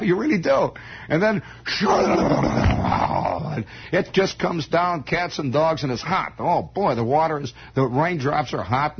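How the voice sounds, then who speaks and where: Male radio storyteller, fairly high voice, digressive and chuckling, on a dull old broadcast recording. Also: husky. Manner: digressive, chuckling, folksy, with many restarts. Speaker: radio host. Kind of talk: rambling radio storytelling monologue.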